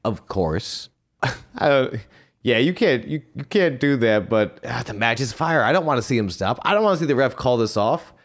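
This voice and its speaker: A man's voice: medium pitch, big pitch swings, normal speed. A man hosting a podcast in casual chat, recapping matches with laughs and rambling asides. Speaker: podcast host.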